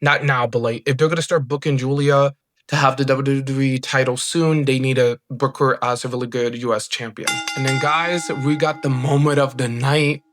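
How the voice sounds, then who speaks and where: A man giving an excited, rambling wrestling review, full of "like" and restarts. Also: medium pitch, moderate pace. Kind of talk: casual show review.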